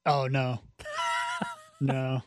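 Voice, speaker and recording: A man's voice: mid-range voice, completely flat delivery, very slow, a little mellow, no echo. Mild, hesitant man. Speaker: youth volleyball coach. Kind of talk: casual chat.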